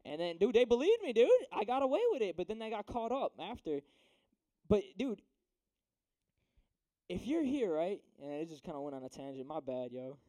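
A young man preaches to a room of teens in an easy, slangy way, keeping up a steady stream of "right?" and "dude." His voice sits high but sounds mellow and warm. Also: moderate pace. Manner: slangy, chatty, asks "right?" often. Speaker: youth preacher. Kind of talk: casual youth sermon.

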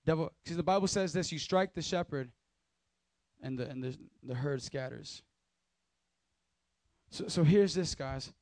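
A man's voice: a little high, a little slow, long pauses, darkish tone, no room sound. A man speaking as a youth pastor, giving a casual, slangy sermon and talking straight to the crowd.

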